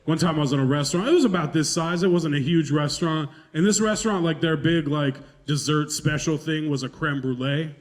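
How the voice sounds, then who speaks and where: Stand-up comedian, man, fairly high voice, self-mocking and profane, laughs mid-line. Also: brisk, hardly any pauses.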